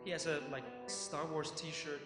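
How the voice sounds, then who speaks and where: A man with a high voice narrates as game master, animated and full of fillers. He is heard in a roomy conference hall with long reverb. Music plays clearly behind him. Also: measured pace.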